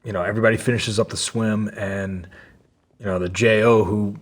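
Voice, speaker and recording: A man's voice: on the low side, steady tone, moderate pace. A man, a podcast guest, tells a story in loose, casual talk full of fillers and swearing. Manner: loose, profane, many fillers.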